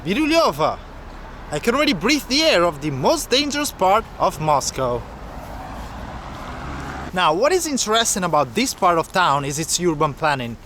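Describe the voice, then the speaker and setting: A man's voice: high-pitched, big pitch swings, moderate pace, bright, forceful tone, slight background noise. A man walking city streets as a travel vlogger, chatting and explaining local facts to the camera. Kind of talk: walking travel vlog narration.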